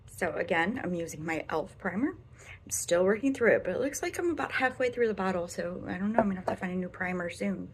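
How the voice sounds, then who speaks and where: A young Midwestern woman talks through a makeup review from her bedroom in a rambling, casual way. Her voice sits at an ordinary middle pitch and keeps dropping to a whisper. A faint hiss runs underneath the recording. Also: lively intonation, fast. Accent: American Midwestern. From American Midwest. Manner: chatty, rambling, often drops to a whisper. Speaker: beauty vlogger.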